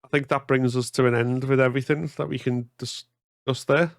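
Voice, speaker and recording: A man's voice: mid-range voice, level tone, moderate pace, vocal fry, no echo, clean studio sound. A man hosting a casual podcast, often stumbling and repeating words as he starts a thought. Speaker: podcast host.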